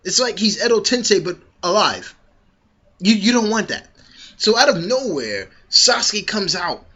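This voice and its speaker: A man reviewing a comic chapter in a casual vlog, excitable, slangy and profane. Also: sits high, a little slow, husky. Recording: dull lo-fi recording.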